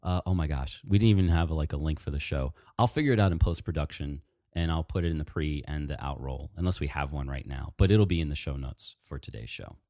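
Excitable man with a low, dark voice. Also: no room sound, studio quality. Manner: excitable, animated, talks fast. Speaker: podcast host. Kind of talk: casual chat.

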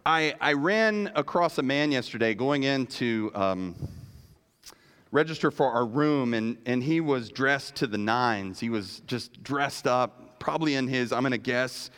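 A man's voice: medium pitch, expressive, a little slow, fairly bright tone, clear, resonant tone. Conversational middle-aged male preacher. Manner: conversational storytelling, varied emphasis, repeats words. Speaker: pastor. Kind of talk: sermon.

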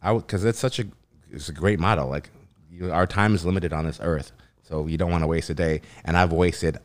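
A man's voice: low-pitched, steady tone, brisk. A young man hosting a podcast, talking in a laid-back, casual way and swearing freely. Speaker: podcast host.

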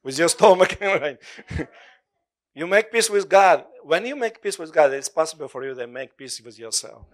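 Animated preaching man, slightly high voice. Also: normal speed. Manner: animated, laughing often, call-and-response with congregation. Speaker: pastor. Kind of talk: sermon.

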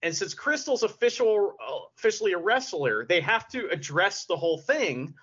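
A man hosting a casual podcast chat, animated, laughing often and swearing casually. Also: high-pitched, moderate pace, slightly rough. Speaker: podcast host. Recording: dull lo-fi audio.

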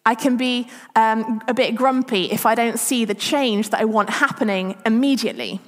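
A woman's voice: on the high side, steady tone, moderate pace. A woman giving a chatty, self-deprecating church talk as preacher. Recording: long reverb of a church hall.

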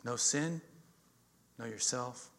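A middle-aged male pastor preaching a sermon, telling stories with swings between loud emphasis and quiet intensity. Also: medium pitch, slow, gravelly.

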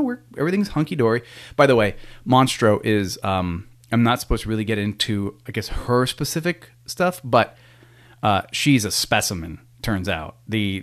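A man with a slightly low-pitched voice tells a casual story to the camera. He rambles, restarts his sentences often and swears offhandedly. He sounds like a foster parent sharing his day.

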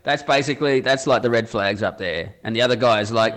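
A man's voice: mid-range voice, fairly quick, few pauses, fairly bright tone. A man with an Australian accent chatting casually, acting out quoted lines in put-on voices. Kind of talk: casual chat.

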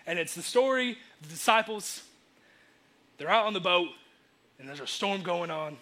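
A young man preaching a sermon in a casual, energetic way, acting out the quotes he tells. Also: sits high. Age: young adult. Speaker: youth preacher.

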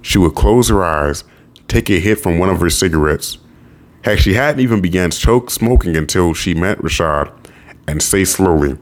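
A man narrating a novel audiobook in a steady storytelling voice. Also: deep voice, normal speed.

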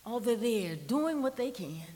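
A woman pastor, preaching a sermon in a conversational style that sometimes drops to a soft near-whisper for emphasis. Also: on the high side, sing-song, a little slow, in a large hall. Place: church sanctuary.

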